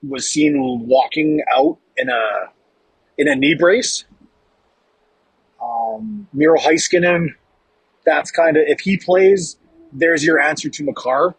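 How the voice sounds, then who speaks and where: A man's voice: on the high side, breathy edge, no echo, poor audio. A man of about forty co-hosting a casual hockey talk show, giving emphatic, opinionated playoff picks with frequent restarts. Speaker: hockey co-host and analyst. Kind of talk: casual sports podcast talk.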